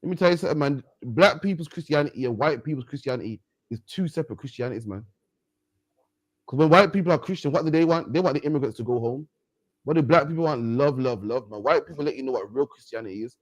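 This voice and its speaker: A man's voice: mid-range voice, animated, fast, no room sound. A man preaching in an emphatic rant on a livestream, ending his lines with "man". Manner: emphatic, repeats "man" at line ends. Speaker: street preacher and host.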